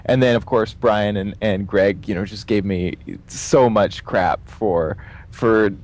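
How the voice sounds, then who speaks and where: A man casually telling a story as a podcast guest, animated and full of fillers, acting out the voices of the people in it. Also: on the low side, slow pace. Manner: animated, acts out quoted voices, many fillers.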